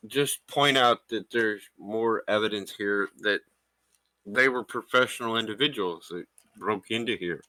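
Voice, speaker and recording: Man player, low pitch, bright tense voice, dry close sound, measured. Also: dry recording. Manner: measured, hesitant with ums. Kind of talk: in-character explanation.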